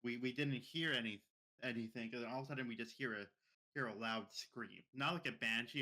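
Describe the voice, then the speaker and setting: Young male podcast co-host, bright tone, rambling casual storyteller who repeats and restarts his phrases. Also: on the low side. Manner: rambling, repeats words and restarts, mimics others' speech.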